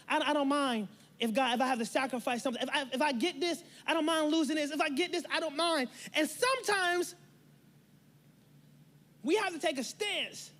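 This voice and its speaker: A high-pitched pastor delivering a sermon in a church. The delivery is emphatic and playful, with lots of repetition and asides to the congregation. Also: a bit bright.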